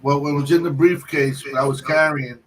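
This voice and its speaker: A man telling a long personal story on a livestream, halting often and restarting his sentences. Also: a little high, fairly even intonation, a bit bright. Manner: halting, with many restarts and fillers. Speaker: guest storyteller. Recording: distant mic with faint background noise.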